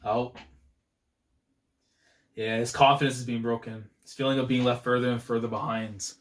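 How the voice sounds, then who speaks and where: A man's voice: medium pitch, level tone, moderate pace, long pauses. A young man giving casual live reaction commentary while watching anime. He laughs often and throws in slangy asides.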